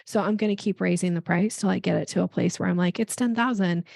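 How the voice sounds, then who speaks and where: A woman guest on a podcast explaining sales tactics in a chatty, animated way, acting out little bits of dialogue. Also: lowish voice, creaky, no room sound, clean studio sound. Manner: animated, acts out dialogue in quick voices. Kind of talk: conversational interview.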